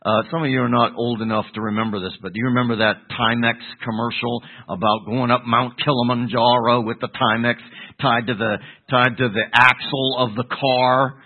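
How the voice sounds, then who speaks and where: A man's voice: mid-range voice, fairly even intonation, normal speed. An older man, a pastor, teaching a Bible sermon, putting questions to the congregation and answering them himself. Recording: tinny phone-like radio broadcast.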